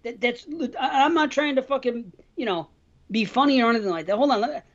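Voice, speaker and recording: A man's voice: extremely high pitch, animated, fairly quick, dull audio. A man co-hosting a podcast, rambling in casual, heavily profane chat. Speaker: podcast co-host.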